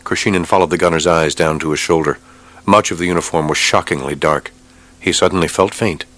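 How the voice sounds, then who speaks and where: A man narrating an audiobook with a steady, measured reading. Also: sits low. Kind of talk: scripted narration.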